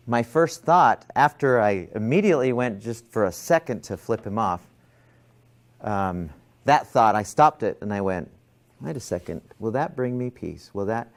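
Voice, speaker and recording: A man lecturing a class, telling a personal story and acting out his own thoughts. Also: medium pitch.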